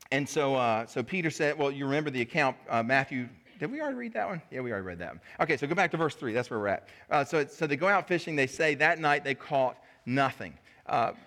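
A man preaching a sermon in a conversational way, acting out the dialogue of the people in his story. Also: a bit bright. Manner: conversational, acts out dialogue with sudden pitch jumps.

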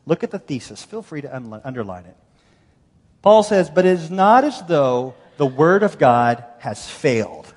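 A man preaching a sermon, reading scripture aloud and explaining it with animated emphasis that swings between loud and hushed. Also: on the high side, normal speed. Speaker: pastor. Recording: long hall reverb.

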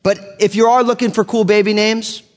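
A man's voice: high voice, flat delivery, fairly quick. An American man teaching verse by verse from the Bible, reading long name lists and joking casually between passages. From United States. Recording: long hall reverb.

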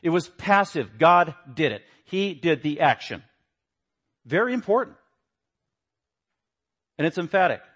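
A man teaching a Bible lesson, stressing words and swinging between quiet asides and louder points. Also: a little high, big pitch swings, a little slow, long pauses, slightly rough.

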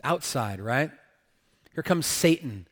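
A man's voice: medium pitch, lively intonation, takes it slowly, big-room sound. Emphatic male pastor preaching a sermon. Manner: emphatic, with rhetorical questions and tag "right?".

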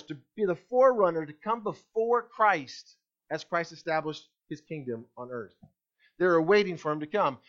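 A man's voice: sits high, a bit bright, muffled recording. A man preaching a sermon as pastor, emphatic, asking the congregation rhetorical questions.

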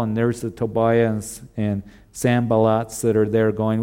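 Earnest preaching man, mellow voice. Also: fairly low pitch, little pitch movement, measured pace, hardly any pauses, smooth. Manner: earnest, repetitive preaching with emphatic refrains. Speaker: pastor. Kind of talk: sermon.

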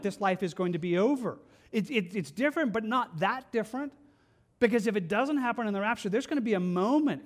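A man preaching a sermon as pastor, earnest and conversational, often repeating words as he goes. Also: high voice.

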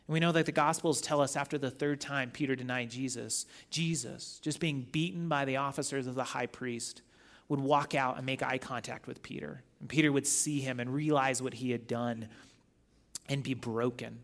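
A man giving a sermon as guest teacher, reading scripture and retelling stories in a conversational, animated way. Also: medium pitch, moderate pace.

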